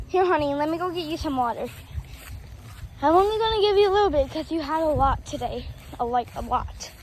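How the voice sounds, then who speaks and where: Out in the yard, a dog owner, a young girl, talks to her dog in a relaxed vlog style, coaxing him in a playful sing-song. She speaks briskly with lively intonation, her high voice darkish in tone, over a little hiss or hum.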